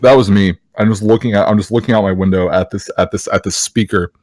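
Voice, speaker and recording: A man co-hosting a comedic podcast, talking quickly with stumbling restarts and mock-dramatic flair. His voice sits a little low, recorded dry and close. Faint music sits behind him. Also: fairly even intonation, darkish tone, no room sound. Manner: rambling, hesitant, mock-dramatic. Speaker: podcast co-host. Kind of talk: casual comedic storytelling.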